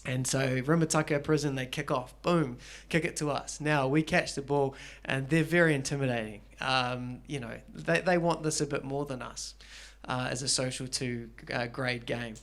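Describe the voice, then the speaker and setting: A middle-aged man with a New Zealand accent doing stand-up comedy, telling stories with animated delivery and acting out characters. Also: medium pitch, normal speed, few pauses. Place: garage venue with live audience.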